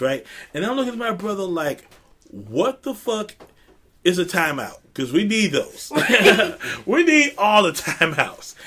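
A man in a casual podcast chat tells stories with a bright, high voice that swings widely in pitch. He laughs a lot and mimics the people in his tales. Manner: animated storytelling, mimics voices, laughs often. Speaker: storyteller in a group chat.

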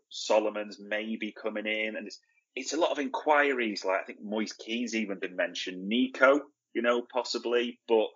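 A man's voice: lowish voice, fairly bright tone, husky, highs cut off. A man co-hosting a football podcast in casual chat, blunt and opinionated, asking and answering his own questions. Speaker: podcast co-host.

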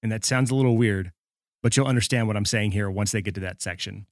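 A man's voice: lowish voice, fast. A man hosting a podcast, introducing the episode in a chatty, joking and rambling way. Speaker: podcast host.

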